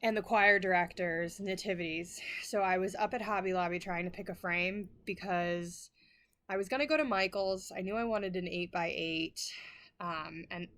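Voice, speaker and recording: Middle-aged woman vlogger, lowish voice, rambling, apologetic, laughs often, emotional. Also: normal speed, fairly bright tone. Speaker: flosstube host. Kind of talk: casual chat to camera.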